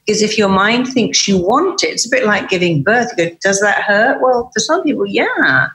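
A British woman speaking as a therapist guest in a podcast conversation, emphatic and lively, acting out inner dialogue in quoted voices. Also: medium pitch, normal speed, echoey room, rough recording.

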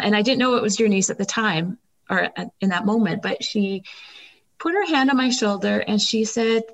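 A woman's voice: mid-range voice, a bit bright, rough recording. A middle-aged woman, a guest, telling an emotional faith story in an interview, with many fillers.

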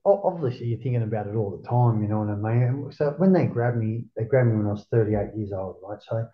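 An Australian-accented man in his forties, with a fairly low pitch and quick pace, tells stories as a guest in a casual interview. He swears freely and acts out things he once said, and the recording sounds roomy, dull, and lo-fi.

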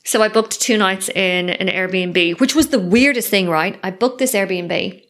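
A woman's voice: medium pitch, a little slow, fairly bright tone. A woman hosting a solo podcast, speaking candidly and effusively and swearing casually. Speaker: podcast host.

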